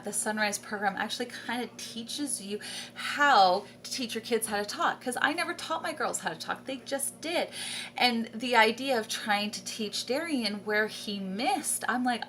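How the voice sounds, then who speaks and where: A woman's voice: a little high, sharp tone, a little hiss or hum. A homeschooling mother talking casually to camera, enthusiastic, repeating words for emphasis and laughing often mid-sentence. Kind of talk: casual vlog talk to camera.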